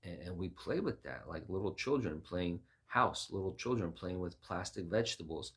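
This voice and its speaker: A man's voice: deep voice, animated, normal speed, husky. A man giving an informal sermon-style talk, emphatic and repetitive, his voice jumping up whenever he acts out what someone says. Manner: emphatic, repeats words, voice rises sharply on quoted lines. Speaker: Christian preacher.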